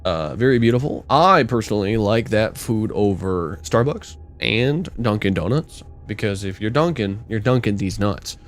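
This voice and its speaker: A young man co-hosting a podcast, telling stories in a casual, animated way, swearing and acting out the people he quotes. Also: lowish voice, moderate pace, few pauses. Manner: animated, swearing storyteller who acts out quotes loudly. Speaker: podcast co-host. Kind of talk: casual storytelling chat.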